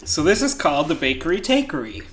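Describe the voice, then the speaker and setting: Bright-voiced joking podcast guy. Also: a little high, huge pitch swings, quick pace. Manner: playful, boastful, jokey. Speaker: podcast co-host. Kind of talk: casual comedic chat.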